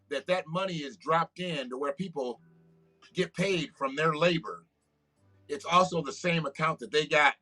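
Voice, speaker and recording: A man hosts a casual political commentary livestream, blunt, profane, and preachy. His voice is a little high with a sharp tone.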